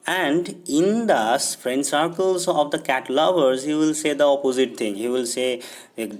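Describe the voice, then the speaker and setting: A man's voice: fairly high pitch, normal speed, a little mellow. A man with an Indian English accent, teaching a poem to his students step by step. He often checks in with "okay?" and repeats or rephrases words as he explains.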